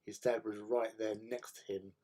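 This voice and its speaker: Relaxed, chatty man hosting a hobby stream. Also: on the low side, normal speed. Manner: relaxed, chatty, often repeats words while thinking; responds to viewer chat while painting. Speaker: livestream host. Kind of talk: casual hobby livestream chat.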